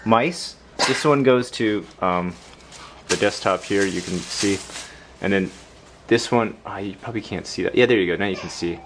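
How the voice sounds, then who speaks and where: Low-voiced man rambling through a house tour. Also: normal speed, noisy background. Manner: rambling and self-deprecating, with many fillers. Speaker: vlogger giving a home tour. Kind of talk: casual home-tour vlog. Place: inside his house.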